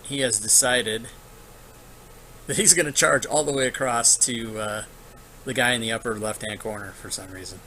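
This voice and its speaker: A man narrates monster moves as dungeon master in a casual, thinking-aloud way. His voice is bright and forward. Faint noise sits under the recording. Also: medium pitch, normal speed, low-quality recording. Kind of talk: narrating a tabletop game online.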